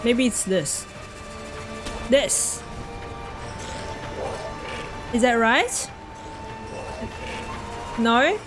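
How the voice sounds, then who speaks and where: Aussie girl streaming a game, kinda high voice that jumps around a lot, chatting with chat. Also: big pitch swings, very slow, music in the background. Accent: Australian. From Australia. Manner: chatty, answering chat while playing. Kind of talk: casual gameplay commentary.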